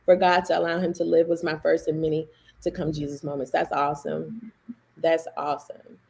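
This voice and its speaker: Woman, 30s, ministry host; low-pitched, animated storyteller giving a personal testimony. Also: fairly quick, gravelly. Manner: animated storyteller, acting out remembered dialogue. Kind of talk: personal testimony to a livestream audience.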